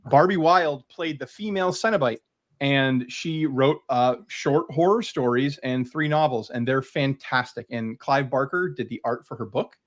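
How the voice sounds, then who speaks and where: A man's voice: mid-range voice, normal speed. A man chatting casually and eagerly about his collection as a guest creator, rambling with lots of fillers. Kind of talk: casual video chat.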